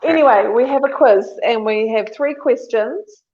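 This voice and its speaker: A woman co-hosting a comedy livestream, talking in a relaxed, hesitant way with many ums. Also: a little high, normal speed, highs cut off. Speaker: comedy show co-host. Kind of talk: casual live banter.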